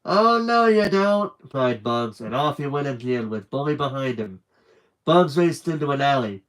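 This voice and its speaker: A man reading a children's book aloud on a live stream with lively, animated narration and chatty asides. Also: medium pitch, moderate pace, low-quality recording.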